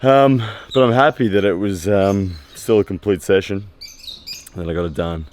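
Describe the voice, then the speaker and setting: A man in his thirties talking candidly to camera after a training session, pausing often with fillers. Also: deep voice, a little mellow, a little hiss or hum. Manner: candid and reflective, with many pauses and fillers. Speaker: strength training vlogger. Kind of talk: casual post-workout vlog talk. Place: training area after a workout.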